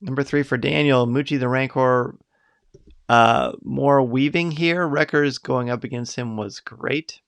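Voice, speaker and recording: Chatty man with a gravelly voice. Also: mid-range voice, unhurried, a bit bright. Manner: upbeat, chatty, reads out names and picks. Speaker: podcast host. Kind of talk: live podcast reading viewer comments.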